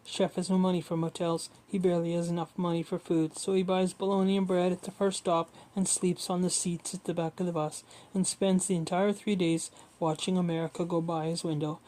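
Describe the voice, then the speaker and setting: A woman reads a memoir aloud at home in a level, even tone, her voice sitting a little low and sounding mellow. She reads steadily but often trips over a word and goes back to fix it. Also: brisk, hardly any pauses, low-quality recording. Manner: steady reading with frequent slips and self-corrections. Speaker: audiobook reader.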